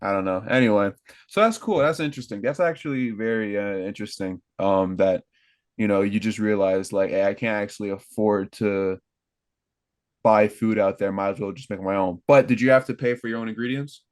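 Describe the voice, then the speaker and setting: A man's voice: lowish voice, brisk, darkish tone, dry recording. A young American man co-hosting a casual podcast, rambling and correcting his own slips with a laugh. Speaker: podcast co-host.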